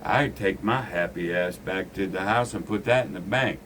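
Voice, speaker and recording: Man, very low voice, blunt gambling teacher, faint noise behind. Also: moderate pace, fairly bright tone. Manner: blunt, preachy, swears freely. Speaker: gambling instructor. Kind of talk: casual craps lesson at a table.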